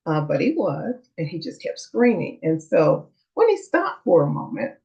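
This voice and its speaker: A middle-aged woman shares a personal story on her vlog. She talks in a chatty way with fillers, and her lowish voice swoops up and down with a lot of feeling. The recording sounds muffled and lo-fi. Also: huge pitch swings, moderate pace, vocal fry, dark tone. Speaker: vlogger. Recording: dull lo-fi recording.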